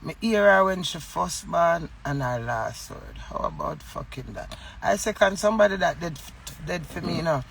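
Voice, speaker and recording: A woman's voice: on the low side, expressive, normal speed, gravelly, hardly any pauses, slightly rough. A middle-aged woman with a Jamaican accent, talking to camera in a rambling, emotional monologue full of swearing and defiance. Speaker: vlogger.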